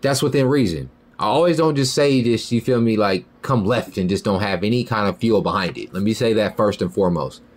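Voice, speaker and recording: Heated, lively-voiced man ranting. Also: a little fast, few pauses. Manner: heated, profane, repeats "you feel me" and "bro"; swings from loud high outbursts to low muttered lines. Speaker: podcast host. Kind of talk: ranting podcast monologue.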